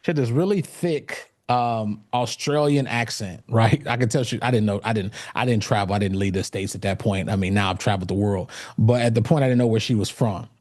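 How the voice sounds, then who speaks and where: A man's voice: lowish voice, fairly quick, few pauses, a little mellow. A man speaking at an event and telling his own story as a motivational talk, with many fillers and restarts. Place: event stage.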